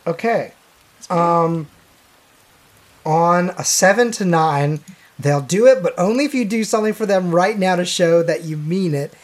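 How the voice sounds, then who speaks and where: Tabletop game master: chatty, thinks out loud, quick to laugh. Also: mid-range voice.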